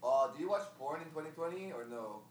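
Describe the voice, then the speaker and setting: A young man co-hosting a crude casual chat, teasing and joking deadpan. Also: on the high side, fast. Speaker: co-host.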